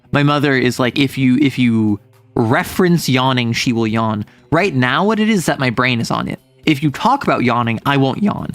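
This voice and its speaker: A young adult streamer chatting casually with chat, playful and teasing, reading messages aloud. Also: medium pitch. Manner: playful, teasing, lots of laughs and mock threats.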